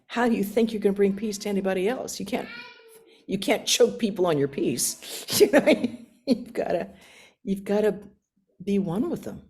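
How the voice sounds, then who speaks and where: A woman in her sixties from the United States, a nun giving a talk and telling stories from her life in an animated, self-mocking way. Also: medium pitch. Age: 60s. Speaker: guest speaker, nun. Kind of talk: storytelling talk with questions.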